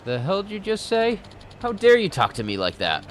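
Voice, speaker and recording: A man's voice: mid-range voice, very animated, fairly quick, creaky, a bit bright, slight background noise. A man voicing a belligerent, freshly dumped drunk who snarls insults and picks a fight.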